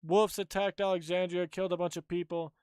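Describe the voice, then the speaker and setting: A man with a high, smooth and clear voice chats casually on a live stream, blunt and rambling. The sound is close and dry. He comes across offhand, throwing out quick verdicts. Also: level tone, darkish tone, no room sound. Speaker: streamer host.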